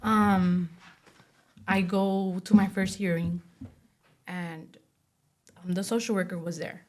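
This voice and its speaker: A woman being interviewed, telling a personal story in a halting way, full of fillers like "you know" and "like.". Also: fairly low pitch, steady tone, a little mellow. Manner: acts out other people's words while telling her story. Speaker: interview guest.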